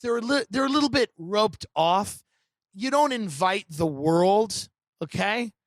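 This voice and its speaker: A comedian from the United States on a podcast, telling a long story in a sardonic, animated and provocative way. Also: male voice, high-pitched, a little slow, no echo.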